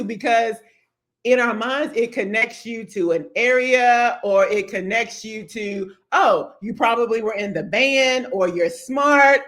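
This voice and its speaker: A woman from Louisville, a real estate agent giving upbeat, chatty advice to people moving to her city. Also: medium pitch. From Louisville, Kentucky. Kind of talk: casual advice vlog.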